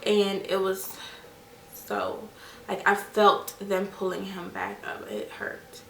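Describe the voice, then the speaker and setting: A woman's voice: mid-range voice, level tone, takes it slowly, creaky, slight background noise. A young woman vlogger telling a personal story in a casual, chatty way, talking to her viewers while settling a baby at home. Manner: chatty, addresses viewers as "you guys" and "y'all"; acts out voices in her stories. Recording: echoey room, mic at a distance.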